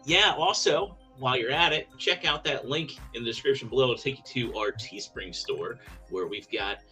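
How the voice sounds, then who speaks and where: A man's voice: mid-range voice, normal speed, bright, forceful tone, soft background music. A man hosting a live podcast, opening the show in an upbeat way and plugging the channel. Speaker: podcast host.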